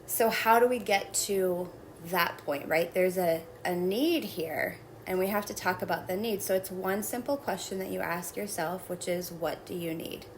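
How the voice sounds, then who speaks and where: A woman guest calmly explaining a self-help technique in a measured, reflective way. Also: on the low side, a little hiss or hum, low-quality recording.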